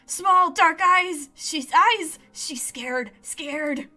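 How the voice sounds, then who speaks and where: Woman voicing a twitchy game bird: shrill, bright, squawks short repeated phrases. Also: extremely slow, faint music behind, exaggerated voice. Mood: frantic. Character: suspicious squawking talking bird, frantic.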